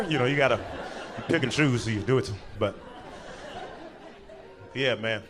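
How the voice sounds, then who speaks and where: A man doing a stand-up comedy set on a club stage, animated, now and then jumping into high squealing voices for other people. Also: brisk, long pauses, noisy background. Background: audience laughter.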